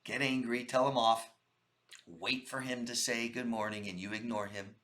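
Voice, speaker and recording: A man of medium pitch speaks at a moderate pace with fairly even intonation and a fairly bright tone, his voice sounding roomy. He gives direct-to-camera life advice to viewers he calls "guys," repeating his points with emphasis.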